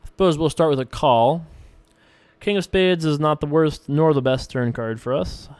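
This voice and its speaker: A man casually commenting on his own online poker play as host, rambling and relaxed with frequent filler words. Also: fairly high pitch, normal speed, clean tone, dry recording, clean studio sound. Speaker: poker player and show host.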